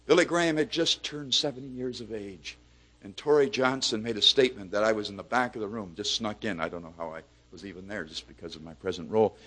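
A middle-aged man preaching a sermon, swinging from hushed, low phrases up to loud, emphatic peaks. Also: fairly quick.

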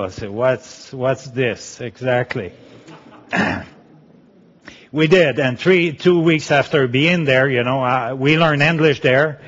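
A middle-aged man from Quebec speaks with a Quebecois French accent as he gives a personal Christian testimony. His voice is medium-pitched and fairly bright, and he delivers it earnestly but haltingly, restarting often. The recording sounds dull and lo-fi.

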